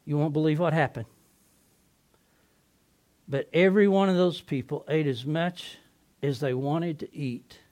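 Dramatic monologue: Peter, an earnest, impulsive fisherman apostle, played by a man; a fairly high male voice. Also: a little slow, long pauses, close to an everyday voice. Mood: earnest storytelling. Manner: earnest, excitable storyteller. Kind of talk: first-person dramatic monologue.

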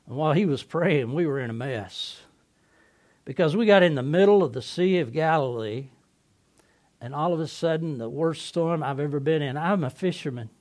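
A man playing the apostle Peter, an impulsive fisherman, telling his story in an earnest, excitable first-person dramatic monologue. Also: on the high side, moderate pace, close to an everyday voice. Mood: earnest storytelling.

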